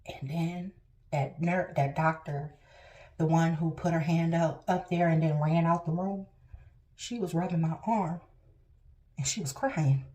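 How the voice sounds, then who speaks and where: A woman's voice: fairly even intonation, a little slow, a little mellow. A woman vlogger telling a personal story to camera, emotional and at times tearful, acting out what people said with big swings in her voice. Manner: emotional, acts out quotes with big pitch jumps.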